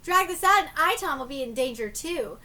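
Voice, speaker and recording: A woman reading aloud and voicing a sly teenage girl ghost who mixes bubbly slang with quiet threats. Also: high voice, lively intonation, brisk, voice pushed down. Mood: threatening.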